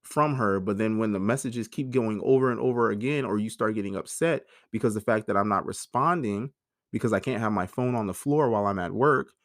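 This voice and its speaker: A man's voice: fairly low pitch, fairly quick, dry recording, studio quality. A man in his thirties hosting a personal monologue, talking in an emotional, frank way and swearing freely. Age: 30s. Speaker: podcast host.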